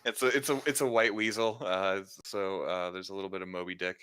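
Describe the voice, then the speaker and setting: A man running a tabletop role-playing game as game master, with a very low voice that still sounds bright and crisp. He describes each scene loosely, filling it with fillers and restarts. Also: steady tone, brisk. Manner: rambling descriptions full of fillers and self-corrections; laughs often between lines.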